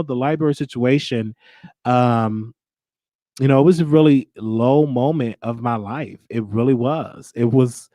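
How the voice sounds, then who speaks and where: A young man hosting his own show, telling a personal story in a candid, halting way with many restarts. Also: medium pitch, darkish tone, dry recording. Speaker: show host.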